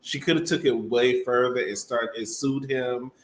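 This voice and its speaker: A man's voice: medium pitch, fairly even intonation, moderate pace. A man co-hosting a casual gossip chat, matter-of-fact and opinionated. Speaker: co-host. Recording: roomy echo, faint noise.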